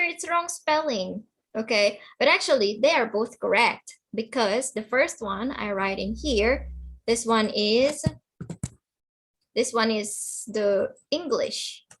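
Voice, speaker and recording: Woman teacher on a video call, patient, repeats herself, slow delivery, slightly high voice. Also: animated, fairly bright tone, slightly rough, poor audio. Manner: patient, repeats and checks understanding. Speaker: online English teacher. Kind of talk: slow explanatory teaching to children.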